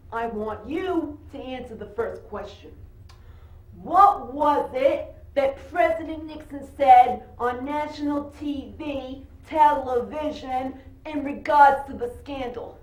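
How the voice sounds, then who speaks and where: A high-pitched, nasal and sniffly eccentric male teacher, put on by a woman, drawing his words out at a slow pace. He fusses over his pupils like a sitcom character. The sound is echoey, as if in a bare room.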